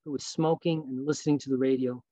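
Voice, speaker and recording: A man reading aloud from his novel in a measured, earnest storytelling voice over a video call. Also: mid-range voice, steady tone, dark tone, dry recording, rough recording. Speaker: author.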